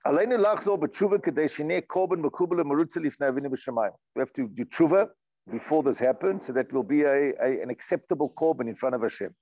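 A man's voice: on the high side, darkish tone, no room sound, lo-fi sound. A man teaching a religious lesson, reading passages aloud and translating them, earnest and emphatic, often repeating and restarting his words. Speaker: rabbi teaching a class. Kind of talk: storytelling lesson, reading and translating Hebrew text.

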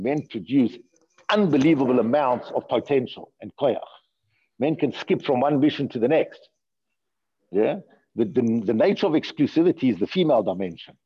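A man teaching a Torah class in an animated way, asking rhetorical questions and often repeating his words. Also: mid-range voice, breathy edge. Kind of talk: Torah lecture. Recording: dull lo-fi recording.

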